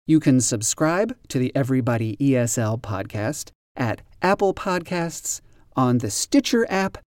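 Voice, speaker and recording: Lively-voiced man teaching English slowly. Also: mid-range voice, no room sound, studio quality. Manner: spells words out and stresses them deliberately. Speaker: podcast host and English teacher. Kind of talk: slow, careful teaching explanation.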